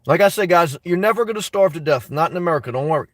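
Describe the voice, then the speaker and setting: A man's voice: on the high side, expressive, very fast, fairly bright tone, no echo, distant mic. A man hosting a casual live stream, answering viewer comments in an emphatic way that repeats his points and breaks into laughter between remarks. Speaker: YouTube host answering live chat.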